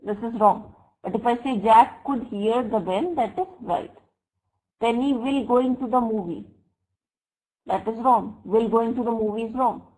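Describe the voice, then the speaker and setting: A woman's voice: on the high side, warm tone, rough recording. Woman teaching grammar, always asking "right?". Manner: checks understanding with frequent "right?" and "fine?"; slow, deliberate example sentences. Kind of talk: online English grammar lesson. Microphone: computer mic for a web class.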